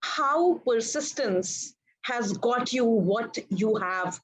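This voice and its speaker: A woman hosts an interview and asks her guest questions at an even pace. She sounds admiring and encouraging as she speaks. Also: a little high, extremely slow, husky, rough recording. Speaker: interview host. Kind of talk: interview conversation.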